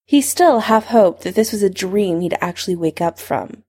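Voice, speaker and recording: A woman narrating a fan fiction story aloud in an expressive, conversational reading style. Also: mid-range voice, moderate pace, breathy edge.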